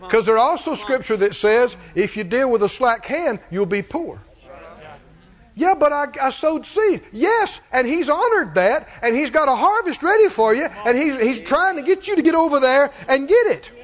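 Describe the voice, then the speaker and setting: A man's voice: very high-pitched, very animated, normal speed, hardly any pauses. A man preaching a sermon, repeating phrases and calling for responses from the congregation. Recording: dull audio in a reverberant hall.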